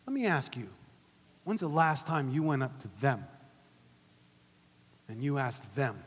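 A man preaching a sermon as pastor, swinging from loud emphatic lines to hushed whispers. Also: mid-range voice, sing-song, measured pace, pauses often, slightly rough, in a large hall.

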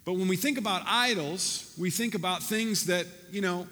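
A man preaching a sermon in a church, talking in a loose, animated, conversational way with many restarts. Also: high voice, normal speed. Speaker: pastor. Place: church sanctuary. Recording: reverberant church hall.

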